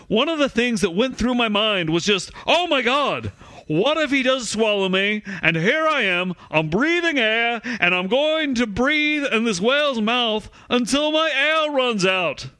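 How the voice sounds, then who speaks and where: A man voicing an excitable male lobster diver in an attempted Massachusetts accent, with a pompous, upper-crust sound and dramatic delivery. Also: very high voice, measured pace, dry recording, clean studio sound, voice pushed up, exaggerated voice. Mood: panicked. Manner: breathless, dramatic retelling.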